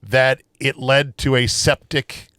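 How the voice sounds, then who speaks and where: A man hosting a casual podcast chat, telling stories in a loose, profane, animated way. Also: mid-range voice, takes it slowly, clean tone, dry recording, clean studio sound. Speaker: podcast host.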